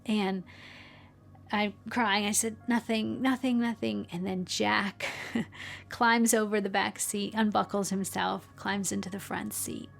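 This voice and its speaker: A woman's voice: medium pitch, flat delivery, measured pace, vocal fry. A middle-aged woman, a podcast guest, telling a personal story with earnest emotion and small laughs.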